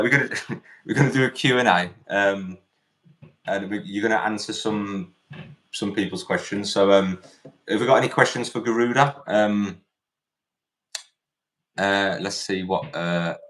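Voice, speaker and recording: A man's voice: lowish voice, a little slow, pauses often, a bit bright. Man pressing questions in a debate. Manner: probing, repetitive questioning with restarts. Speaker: debate host. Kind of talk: online debate.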